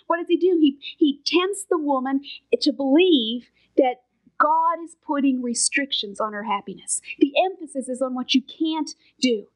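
A middle-aged woman with a high voice preaches in a sermon style, earnest and emphatic. She presses her points firmly and now and then drops into a soft whisper to stress them. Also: lively intonation, normal speed, low-quality recording. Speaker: Bible teacher.

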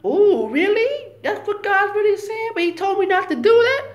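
A man's voice: extremely high pitch, big pitch swings, normal speed, lo-fi sound, voice pushed up. A man voicing a naive young woman who asks wondering, doubtful questions. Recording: roomy, off-mic.

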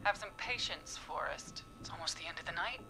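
An actress voicing a sinister, taunting woman caller in a video game, speaking slowly in a hushed, mocking way. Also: on the low side, animated, creaky, exaggerated voice. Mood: menacing. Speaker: game character. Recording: game audio with loud music.

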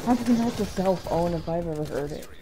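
A woman hosting a casual gaming session, reacting quietly in short remarks and laughing often. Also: on the low side, animated, brisk, heavy background noise. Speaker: host. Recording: game music playing behind.

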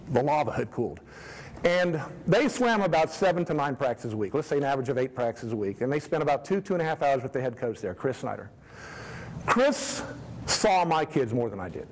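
A middle-aged swim coach speaks to a room of parents in a voice on the high side, over poor audio with a little hiss or hum. He earnestly tells stories and lays out his philosophy, repeating key phrases for emphasis.

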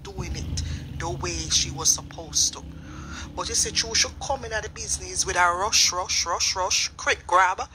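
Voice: medium pitch, normal speed, background noise. A speaker with a Jamaican accent chatting in patois, often stumbling over repeated words. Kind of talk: casual commentary chat.

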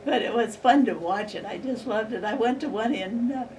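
A woman's voice: on the high side, normal speed, a little mellow. An older woman being interviewed, reminiscing in a chatty, rambling way and laughing often. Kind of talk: reminiscing storytelling. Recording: distant mic, faint background noise.

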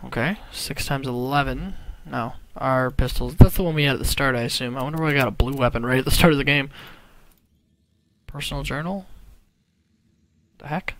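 A let's play gamer commentating excitedly, laughing and yelling at enemies. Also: mid-range voice, brisk, long pauses, no echo. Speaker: game player. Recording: gameplay audio behind.

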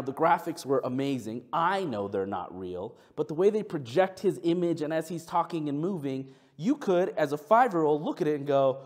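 Storytelling male pastor, animated delivery. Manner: storytelling, acts out family dialogue with big pitch jumps. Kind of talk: sermon.

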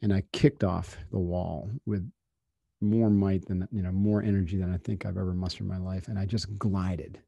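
A man's voice: low-pitched, flat delivery, normal speed, vocal fry, warm tone, breathy edge, dry recording, muffled recording. A middle-aged man, a podcast guest, telling a candid anecdote casually, full of fillers and quoting himself. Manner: candid, casual, peppered with fillers and self-quotes. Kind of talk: storytelling anecdote.

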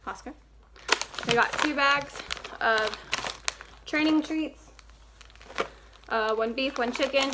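A woman's voice: sits high, slow pace, pauses often, noisy background. A young woman talking casually and upbeat in a home vlog, recorded at home. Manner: chatty, upbeat, scolding the dog in between. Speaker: vlogger. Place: at home indoors.

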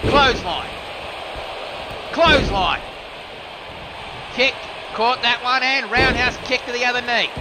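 A man giving live play-by-play commentary on a simulated wrestling show, excitable and joking, swearing casually. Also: extremely high pitch, slow, long pauses, noisy background. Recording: music playing behind.

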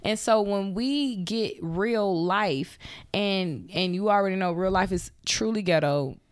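A woman's voice: medium pitch, a little slow, smooth, dry recording, clean studio sound. A young woman hosting a podcast, telling a story in casual chat and acting out the voices of the people in it. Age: young adult. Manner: animated, acts out quoted voices, laughs often. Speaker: podcast host. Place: Atlanta.

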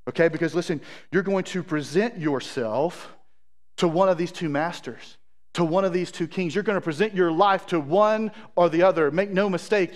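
A man, a pastor, preaching a sermon, reading scripture aloud with asides and praying earnestly. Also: on the high side.

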